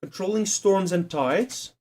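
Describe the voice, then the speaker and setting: A man's voice: high voice, measured pace, a little mellow. Joking, foul-mouthed streamer man. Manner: profane, joking, laughs often, talks to chat. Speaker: live streamer. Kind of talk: casual live-stream chat while doing a quiz.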